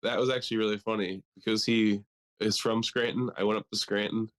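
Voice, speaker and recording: A man's voice: on the low side, fairly even intonation, brisk. A young man from Delaware co-hosting a podcast, swearing freely and joking in a loose, rambling way. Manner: loose, profane and joking, slips into mocking impressions. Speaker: podcast co-host. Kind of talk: casual chat.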